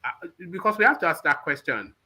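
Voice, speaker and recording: A man co-hosting a live talk show, halting and restarting as he talks. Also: fairly high pitch, sing-song, pushed and bright. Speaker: co-host.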